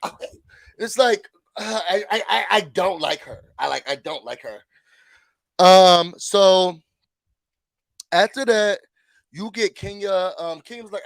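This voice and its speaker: A man giving a chatty, animated recap of a reality show, acting out what people said. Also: sits high, unhurried, vocal fry, pauses often, dry recording. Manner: chatty, animated, acts out quotes.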